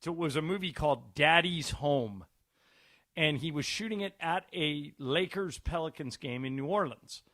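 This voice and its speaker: A man's voice: fairly high pitch, moderate pace, no echo, clean studio sound. A man co-hosting a sports radio show, telling stories in casual banter. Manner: animated storyteller.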